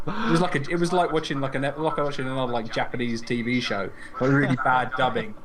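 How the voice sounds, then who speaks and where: A man's voice: medium pitch, steady tone, fast, over a noisy crowd. A young English man with an English accent, co-hosting a podcast in jokey banter that breaks into laughter. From England. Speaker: podcast host. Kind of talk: casual chat. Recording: noisy background hiss.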